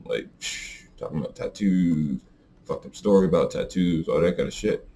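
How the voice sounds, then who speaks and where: Profane, animated man telling a story. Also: normal speed, slight background noise. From American South. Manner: animated, profane, swings into high exaggerated quoted voices. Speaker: podcast host. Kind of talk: casual storytelling rant.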